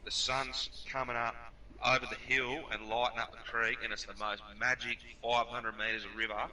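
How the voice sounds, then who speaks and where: Aussie guy swearing his way thru a story, bright sharp voice, mid pitch. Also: normal speed, a little hiss or hum, rough recording. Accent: Australian. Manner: swearing, animated yarn-spinning. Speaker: podcast guest. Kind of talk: casual storytelling.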